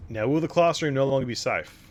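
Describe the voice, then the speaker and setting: A man's voice: mid-range voice, a little fast. A young man giving casual, wry commentary while streaming a horror game. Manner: wry, sarcastic asides.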